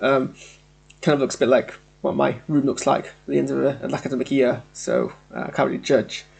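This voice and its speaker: Gravelly West Yorkshire man, rambling. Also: mid-range voice, flat delivery, brisk, darkish tone. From Yorkshire, England. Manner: rambling, hesitant, repeats filler phrases and stammers. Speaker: YouTube reviewer. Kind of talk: live trailer reaction commentary.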